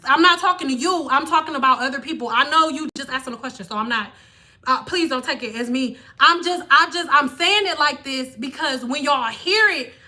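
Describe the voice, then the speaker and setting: A woman's voice: high voice, bright, forceful tone. A young woman hair stylist ranting on a live stream, blunt, sarcastic and profane. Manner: mocking impressions of viewers.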